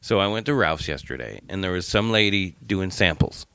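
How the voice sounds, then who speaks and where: A man's voice: low-pitched, animated, a little fast, pushed and bright, clean tone, dry recording. Cussing man telling stories on a podcast. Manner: profane storytelling. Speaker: podcast co-host. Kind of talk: casual podcast chat.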